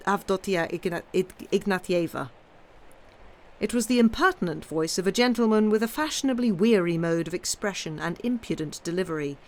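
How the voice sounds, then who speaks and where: A woman reading a short story aloud, measured, with the occasional slip and correction. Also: lowish voice, expressive. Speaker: reader.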